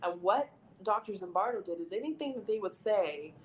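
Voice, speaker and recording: A young woman tells a story on a casual podcast, lively and quick to act out the people she describes. She leans on "like" and restarts as she goes, talking at an ordinary middle pitch. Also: slight background noise, poor audio. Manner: animated, lots of "like", acts out quoted voices.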